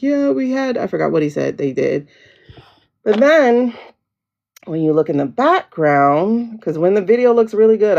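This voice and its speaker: A woman hosts a casual livestream and chats in a familiar way, greeting viewers by name and calling them "girl." Her voice has a gravelly edge and swings widely in pitch. The sound is dull and lo-fi, like a downloaded stream. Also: darkish tone. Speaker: livestream host.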